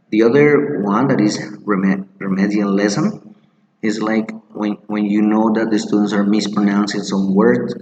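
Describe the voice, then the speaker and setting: A man's voice: deep voice, a little mellow, a little hiss or hum. Man teaching pronunciation, echoey. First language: Spanish. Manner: explains step by step, models words slowly and repeats them. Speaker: English teacher. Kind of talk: screen-share teaching lesson.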